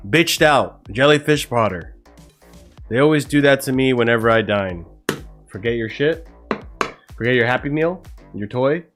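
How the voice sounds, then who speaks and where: A chatty American man signing off a casual livestream. His voice sits at an ordinary middle pitch, and his talk swings between upbeat calls to his chat and mumbled asides. Faint music plays behind him. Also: fairly bright tone. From United States. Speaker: livestream host. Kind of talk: casual watch-along stream sign-off.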